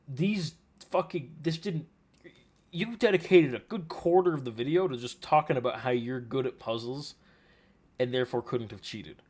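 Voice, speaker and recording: A man's voice: medium pitch, normal speed, darkish tone. A man reacting to a video with exasperated, profane ranting commentary. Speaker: commentary streamer.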